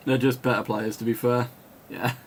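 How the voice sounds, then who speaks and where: A man doing live play-by-play commentary, calling player names in quick bursts, chatting and laughing with viewers, and rising to shouts when a goal goes in. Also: medium pitch, level tone, gravelly, a little hiss or hum. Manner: chats and laughs with viewers between calls. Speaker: match commentator.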